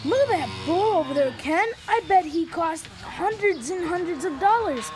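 Honest schoolboy Alex. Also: female voice, extremely high pitch, expressive, moderate pace, over music. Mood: earnest. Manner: earnest, hesitant. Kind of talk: radio drama for children.

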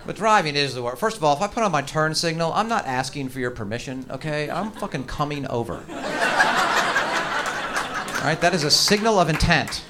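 A man doing a stand-up comedy routine on stage, ranting in a profane, exaggerated way with sudden shouted outbursts. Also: a little high, lively intonation, brisk, very noisy. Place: comedy stage before a live audience.

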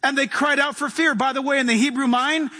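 Male preacher, very high voice, impassioned sermon, long hall reverb. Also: fairly even intonation, brisk, bright, forceful tone. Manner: impassioned, asks the congregation questions.

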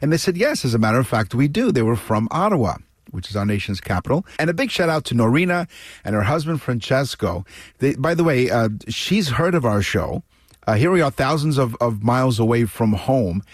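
A man from Canada co-hosting a radio talk show, telling a travel story in a chatty, animated way with frequent restarts. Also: medium pitch, a little fast, no echo, studio quality.

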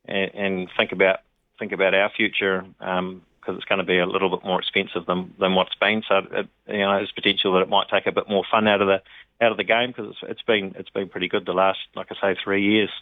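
A man's voice: sits low, little pitch movement, a little fast, no echo. A man with a New Zealand accent, a pork industry representative talking casually on the phone in a rambling way with many ums. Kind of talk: radio phone interview. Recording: tinny phone line.

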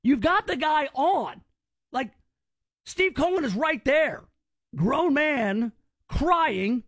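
A man's voice: very high-pitched, expressive, slow, fairly bright tone, no echo, clean studio sound. A man hosting a radio talk show, mocking and incredulous as he picks apart news clips.

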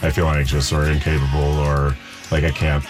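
A man, a musician, talking reflectively in an interview, halting and repeating himself as he thinks. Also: extremely low pitch, little pitch movement, over music. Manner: halting, thoughtful, repeats words. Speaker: musician guest.

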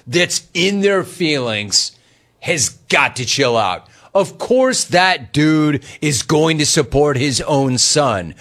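A man's voice: a little high, fairly bright tone. A sports talk host, a man with a slightly raised voice, needles opposing fans with a mocking, amused delivery. He keeps reading listener messages off the chat as he goes. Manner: mocking, teasing, laughing at callers; reads chat messages aloud. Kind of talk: sports talk radio commentary.

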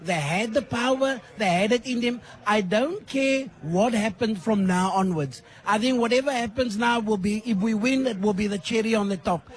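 A hoarse man with a lost voice, a studio guest speaking enthusiastically on radio. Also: sits high, normal speed, hardly any pauses. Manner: enthusiastic, emphatic. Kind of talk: radio interview.

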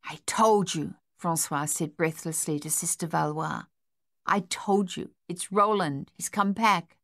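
A woman's voice: on the low side, a little slow, a bit bright, no echo, studio quality. A woman reading the part of a young wounded French soldier in an audiobook, earnest and pleading. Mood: breathless joy.

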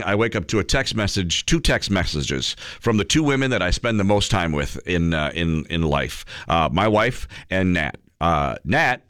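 A male morning radio host with a scratchy, worn voice, chatting in a loose storytelling way. His voice sits fairly low, and the studio sound is dry and close. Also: a bit bright, no echo. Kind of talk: casual radio chat.

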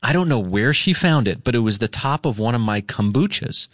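Animated male radio host, lively, dry studio sound. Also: a little fast, dry recording. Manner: animated, acts out quotes in a higher voice. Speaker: radio morning show host. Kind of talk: casual storytelling chat.

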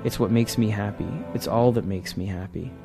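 A man's voice: lowish voice, steady tone, normal speed, creaky, over music. A man reading aloud a haunted, driven young man of twenty-five who confesses his past with intensity. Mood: resolute. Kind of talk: reading a comic script aloud.

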